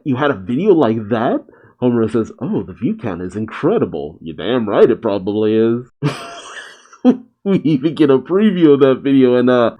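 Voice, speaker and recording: Low mellow man reading manga aloud. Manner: reads dialogue aloud with light voices and frequent laughs. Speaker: manga reaction host. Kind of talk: casual manga read-through with commentary.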